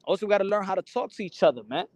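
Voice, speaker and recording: A man's voice: sits high, expressive, racing, darkish tone, no echo, muffled recording. A man hosting a boxing channel, ranting casually to the camera, cursing often, stumbling over and repeating his words, and slipping into Spanish phrases. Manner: rambling and profane, stammers and repeats words.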